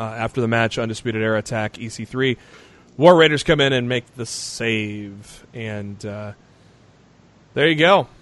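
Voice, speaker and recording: Male podcast co-host, casual recap, middle pitch, loose rambling delivery full of uhs and restarts. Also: a bit bright. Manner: rambling with frequent fillers and restarts.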